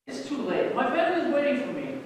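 A man's voice: very high voice, fast, creaky, far from the mic, a little hiss or hum, pitched above the performer's own voice. A man doing a young man in a rush, pleading, raised voice, echoey church hall from afar. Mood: urgent. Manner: urgent, pleading. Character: young man hurrying home on a cold night.

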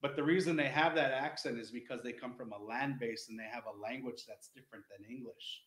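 A man's voice: medium pitch, steady tone, a little fast, a bit bright, roomy sound, low-quality recording. A man, an Indigenous educator, explaining culture in an earnest, rambling teaching talk full of restarts.

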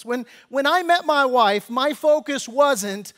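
A man's voice: animated, slow. A man preaching a sermon as pastor, reading scripture and breaking into casual, slangy asides, rising and pressing when he exhorts. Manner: conversational preaching, grows louder and higher when exhorting.

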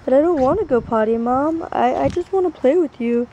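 A woman's voice: sits high, fairly quick, dark tone, muffled recording, a little hiss or hum, pitched above the performer's own voice, lightly acted. A woman voicing her young female puppy, speaking in a whiny, childlike, pleading way. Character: playful young female puppy, sulky and eager.

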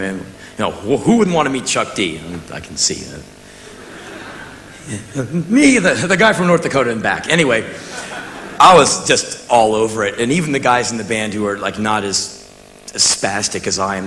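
An American man in his thirties tells a story on stage and acts out every quote with bursts of shouting and laughter. His voice is low-pitched and bright, with a forceful edge. A faint hiss sits under the recording. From United States. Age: 30s. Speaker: musician telling a story on stage. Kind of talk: spoken word storytelling.

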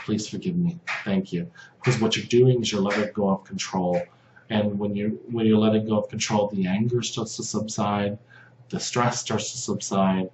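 Halting, low-voiced man teaching in an echoey room. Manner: halting, many fillers and restarts, drops softly into repeated prayer phrases. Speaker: video host teaching about control dramas. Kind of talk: casual spoken lesson over slides. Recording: dull lo-fi audio in a roomy space with faint hum.

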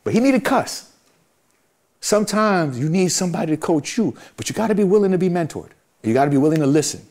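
Middle-aged New man, interview guest; emphatic, preachy repetition, voice on the higher side. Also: animated, brisk, darkish tone. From Brooklyn, New York. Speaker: guest, music manager. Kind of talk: candid interview talk.

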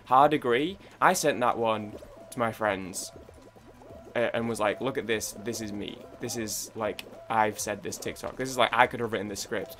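A man's voice: lowish voice, normal speed, fairly bright tone, faint music behind. A young British man chatting casually while playing a game, rambling with many restarts and idle humming. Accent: British English. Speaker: gaming YouTuber. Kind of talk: casual gaming commentary.

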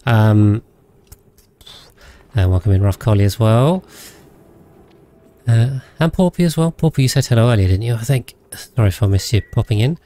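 Guy chatting through a game stream, warm mellow voice, jumps between thoughts. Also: medium pitch, lively intonation, moderate pace, long pauses. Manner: rambling, thinks aloud, thanks viewers. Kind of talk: casual gameplay livestream chat.

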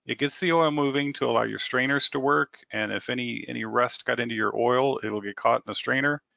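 A man presents in a technical webinar, his voice gravelly with a bright, forceful edge. He explains step by step, often repeating words as he thinks. The recording is dry and slightly dull. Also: medium pitch, brisk, no echo.

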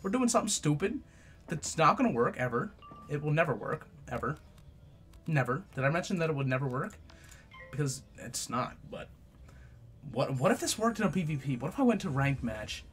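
Animated young man cursing over gameplay. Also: a little high, fairly quick, faint music behind. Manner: profane, trash-talking, swings between loud outbursts and mutters. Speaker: gaming YouTuber. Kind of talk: live gameplay commentary.

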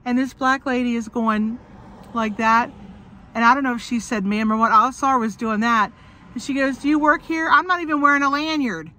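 A woman's voice: fairly high pitch, a little fast, sharp tone. A woman vlogging from inside a car on her phone, chatting and joking while sick with a cough, swearing and laughing often. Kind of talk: casual chat to camera.

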